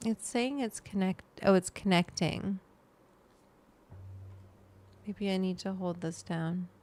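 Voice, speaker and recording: A woman's voice: medium pitch, slow pace, a little mellow. A woman hosting a casual livestream, rambling to her viewers and her pet as she goes. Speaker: livestream host.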